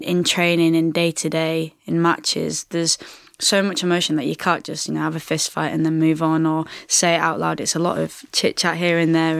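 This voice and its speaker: A woman's voice: low-pitched, gravelly, no room sound, studio quality. A woman, chatting casually as an interview guest and often repeating herself with fillers. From England. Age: 20s. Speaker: rugby player guest.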